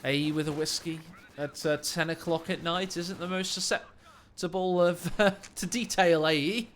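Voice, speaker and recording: A man calling a strategy game play by play, tossing in cheeky jokes between the action. His voice sits high and bright. Faint gunfire from the game hums underneath. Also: fairly even intonation, normal speed, slight background noise. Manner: cheeky, joking asides. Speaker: game caster. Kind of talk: casual play-by-play game commentary. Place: at home late at night.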